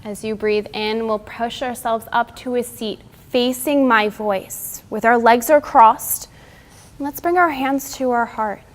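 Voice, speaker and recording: Young woman, mindfulness instructor, slightly high voice, gentle guiding cues. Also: measured pace. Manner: gentle, soothing spoken cues. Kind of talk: guided mindfulness and stretching session.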